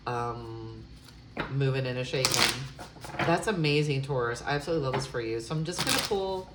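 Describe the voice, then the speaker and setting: A woman's voice: very deep voice, roomy sound, very noisy. A woman giving a tarot love reading, musing aloud with hesitant fillers and breaking into gushing, effusive exclamations. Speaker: tarot reader.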